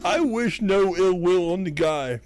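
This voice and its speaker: A man's voice: sits high, lively intonation, measured pace, darkish tone. A man co-hosting a casual podcast, ranting and teasing his friend with heavy swearing. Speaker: podcast co-host. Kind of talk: crude casual banter.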